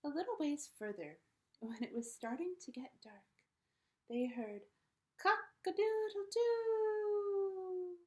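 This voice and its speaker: A teacher telling a story to children in an expressive way, dropping into whispers at times. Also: female voice, a little high, normal speed, low-quality recording. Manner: animated, expressive, drops to whispers.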